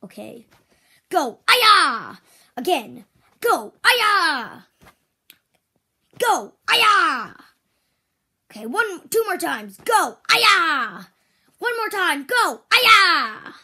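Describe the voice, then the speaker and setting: A woman voicing a strict female toy karate teacher in make-believe play, switching between loud drill shouts and whispers. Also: high-pitched, very animated, unhurried, pitched above the performer's own voice, full character voice. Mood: bossy.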